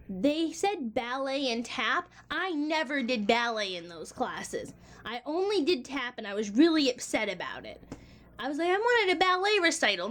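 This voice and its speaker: A woman in her twenties chats casually to the camera for her vlog, sounding exasperated and laughing between lines. Her voice sits high.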